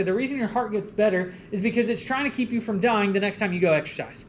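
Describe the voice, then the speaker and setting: Male college lecturer, animated and jokey, roomy classroom sound with faint hum. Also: high voice. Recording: echoey classroom with faint room noise.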